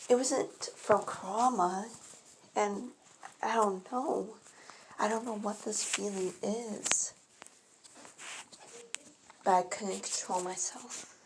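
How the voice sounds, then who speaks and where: A woman reads her own first-person fan story in a slow, unhurried way. She keeps stumbling over words and correcting herself as she goes. Her pitch sits in an ordinary middle range, with a faint hiss of noise behind her. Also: steady tone. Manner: halting, often stumbles and corrects herself mid-sentence.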